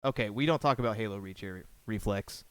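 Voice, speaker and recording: A man's voice: on the low side, a little fast, clean tone, no echo. A man co-hosting a casual podcast chat, teasing his co-host and swearing casually.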